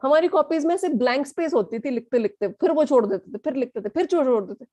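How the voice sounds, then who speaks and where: A young woman with an Indian accent teaching an online lesson in a lively way, mixing in Hindi and asking her listeners questions. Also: high voice, rapid-fire, dry recording. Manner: lively, switches between English and Hindi, asks the audience questions. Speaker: communication skills teacher.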